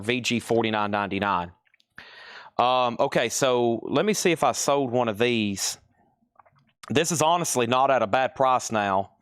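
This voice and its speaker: A man's voice: mid-range voice, smooth, no room sound, clean studio sound. A man hosting a live online sale from a store, reading out records and prices and teasing buyers in a chatty way. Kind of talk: casual live-stream selling.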